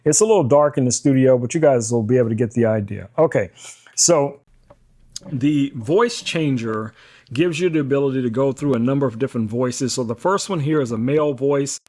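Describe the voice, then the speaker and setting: Male host for a relaxed studio gear demo, warm mellow voice, speaks with frequent fillers. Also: medium pitch, brisk. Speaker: tech reviewer host. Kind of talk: casual product demo. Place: home studio.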